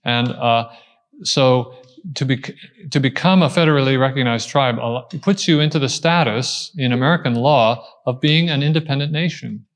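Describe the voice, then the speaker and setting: A man answering an audience question at a talk, explaining step by step, pausing and restarting as he thinks. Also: medium pitch. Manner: thoughtful, explaining step by step with frequent pauses and restarts.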